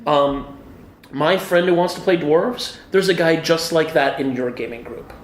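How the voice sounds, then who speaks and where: A man's voice: fairly high pitch, measured pace, slight background noise. A middle-aged man, a game designer, chatting eagerly in a casual interview at a convention, with many fillers. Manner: enthusiastic, animated storyteller with many fillers. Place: busy convention hall. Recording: echoey convention hall with faint ambience.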